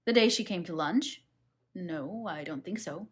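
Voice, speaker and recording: A woman reading the lines of a brusque, impatient English husband in an audiobook, in a curt, brisk manner. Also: fairly low pitch, expressive. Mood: offhand.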